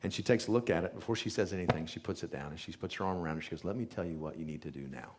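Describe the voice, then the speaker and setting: A deep-voiced chiropractor races through an earnest account of a patient's healing for a live audience, dramatizing what each person said.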